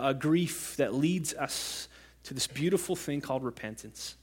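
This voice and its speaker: Earnest male pastor preaching. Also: a little high. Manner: earnest, rising to impassioned cries when quoting scripture. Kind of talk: sermon.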